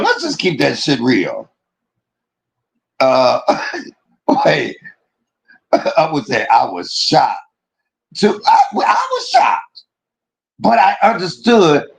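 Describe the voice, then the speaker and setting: Brief: man from Detroit hosting a livestream, rants and swears, lots of laughter, big swings in pitch. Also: creaky, rough recording. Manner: animated, profane, laughs often. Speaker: livestream host. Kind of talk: casual ranting livestream talk.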